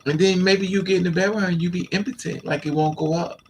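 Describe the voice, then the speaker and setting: A man telling a raunchy story to his live chat in a flamboyant, sassy way, laughing and squealing up high. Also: fairly even intonation, quick pace. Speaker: live stream host.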